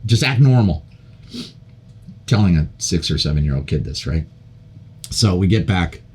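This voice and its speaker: An older man, a podcast guest, telling a long story in a casual, animated way, with many repeats and restarts. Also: low voice, normal speed, breathy edge.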